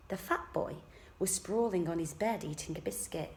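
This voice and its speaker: Teacher reading a story softly. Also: female voice, on the low side, moderate pace. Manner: soft, quiet first-person narration. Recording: echoey room.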